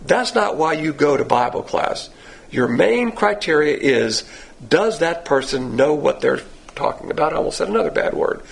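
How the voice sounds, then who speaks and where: A Southern-accented male pastor teaching a Bible class, with a gravelly, husky, hoarse edge to his voice. He talks in a blunt, folksy, self-deprecating way, and his pitch swings up and down a lot. His voice sits a little higher than most men's. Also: animated, moderate pace. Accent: Southern American. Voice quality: hoarse at times. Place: church classroom.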